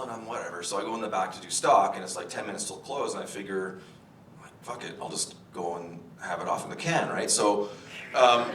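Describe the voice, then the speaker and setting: A young actor playing a crude, brash store clerk, telling a rambling, profane story with chuckles on a stage. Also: male voice, natural voice. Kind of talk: theatre monologue. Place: theatre stage. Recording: roomy stage audio from a distance, faint rumble.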